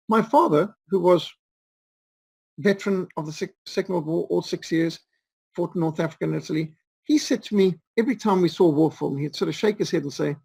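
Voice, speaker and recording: A man's voice: sits high, creaky, dark tone, slightly rough, no echo, low-quality recording. A man in his fifties, from Zimbabwe, telling rambling stories with many fillers as an interview guest. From Rhodesia. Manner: rambling, anecdotal, with frequent fillers and restarts. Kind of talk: storytelling in an interview.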